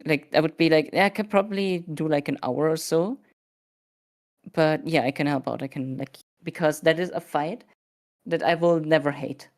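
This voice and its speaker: A sleepy woman with a notably low voice chats casually on a stream. She rambles and hesitates, filling her sentences with fillers as she works through her thoughts. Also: fairly even intonation, normal speed, darkish tone. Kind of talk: casual chat.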